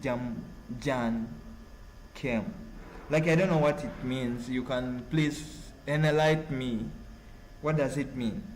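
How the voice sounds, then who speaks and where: A man's voice: mid-range voice, slight background noise, rough recording. Rambling Ugandan man hosting a stream. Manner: rambling, halting, full of fillers. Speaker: live-stream host reading chat. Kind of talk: casual live-stream chat.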